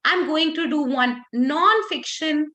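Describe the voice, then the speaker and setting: A woman leading a workshop for teachers, talking expressively with lively intonation and frequent restarts. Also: high-pitched, slow. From India.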